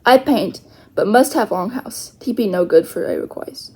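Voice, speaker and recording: A woman's voice: mid-range voice, expressive, moderate pace, mellow, breathy edge. A woman voicing a tiny, stern adult warrior who talks in blunt, clipped broken phrases while reading a storybook aloud. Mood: insistent.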